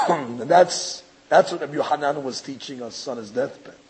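A man's voice: mid-range voice, moderate pace, a little mellow, breathy edge, low-quality recording. A man, a rabbi giving a religious lecture, talking emphatically and rhetorically, stammering into restarts and acting out other people's voices. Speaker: rabbi teaching a class.

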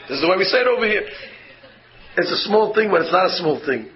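A rabbi preaches in a high voice, swinging into the voices of the people in his tales. The recording sounds dull and muffled. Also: fast talker, pauses often. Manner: animated storytelling, acts out quoted voices. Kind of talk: sermon with anecdotes.

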